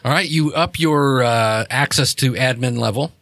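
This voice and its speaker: A man's voice: medium pitch, normal speed, fairly bright tone, no room sound. Man running a tabletop game, dry sound. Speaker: game master.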